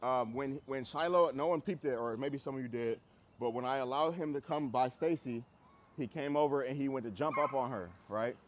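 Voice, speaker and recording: A male dog trainer leads a group class in a blunt, conversational way. He keeps hammering points home by repeating phrases. His voice sits at an everyday middle pitch. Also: normal speed. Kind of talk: group class instruction outdoors.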